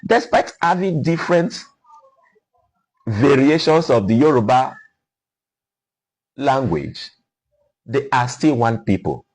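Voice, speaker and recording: A man's voice: mid-range voice, expressive, slow pace, pauses often, a little mellow, husky, low-quality recording. A middle-aged Nigerian man with a Nigerian accent, a guest explaining things in a lecturing way and sounding out example words. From Nigeria (Ukwuani, Delta). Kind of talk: explaining conversation.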